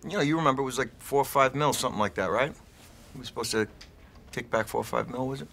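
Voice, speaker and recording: An actor playing a wary male stockbroker hiding a wire, talking in a quick, hushed, guarded way in film acting. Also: medium pitch, vocal fry.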